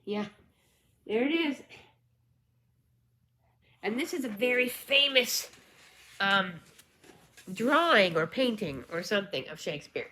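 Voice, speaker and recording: A woman vlogger unboxing and showing a book in a casual chat, gushing with excitement and dropping into whispered asides. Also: deep voice.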